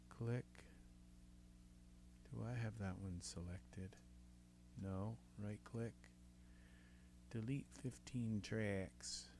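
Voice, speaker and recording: A man's voice: fairly low pitch, creaky, noisy background. A man with a Southern US accent, muttering to himself as he works through a music production tutorial and often trailing off mid-sentence. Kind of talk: thinking aloud while working in software.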